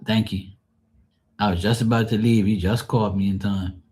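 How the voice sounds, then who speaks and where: A man's voice: lowish voice, fairly even intonation, normal speed, darkish tone, breathy edge. A man chatting casually to his livestream viewers, rambling and swearing freely in a joking way. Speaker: livestream host.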